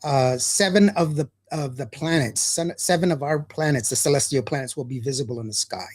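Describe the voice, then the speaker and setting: A man's voice: mid-range voice, a little fast, slightly rough. Chatty Texan man hosting a podcast. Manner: reads viewer comments aloud, chatty, laughs easily. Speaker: podcast host. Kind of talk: casual livestream chat.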